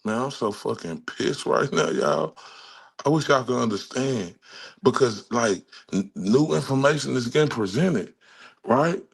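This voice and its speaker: Male streamer from Dallas with a gravelly voice, ranting angrily and swearing constantly. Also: medium pitch, animated, unhurried. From Dallas, Texas. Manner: furious, heavily profane ranting. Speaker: livestream host. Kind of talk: angry profane livestream rant.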